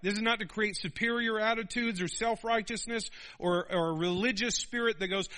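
An animated pastor in his thirties preaches and keeps asking his listeners for an amen. His voice is bright and forward and sits a little high. He slips into little acted voices to make his points. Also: fairly quick, hardly any pauses. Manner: animated, calls for amens, acts out voices. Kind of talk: sermon.

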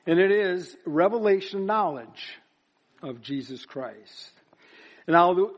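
Guy preaching a sermon, kinda high voice, punchy repeated lines, muffled lo-fi sound. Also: measured pace. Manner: builds to emphatic chanted repetition. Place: church service.

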